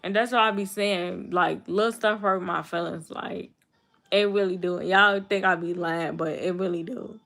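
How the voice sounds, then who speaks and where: A young woman chats on her livestream and answers comments. Her voice is low and gravelly, and she talks in a hurt, halting way, often repeating herself. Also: steady tone, fairly bright tone. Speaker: livestream host. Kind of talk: casual live chat reading comments.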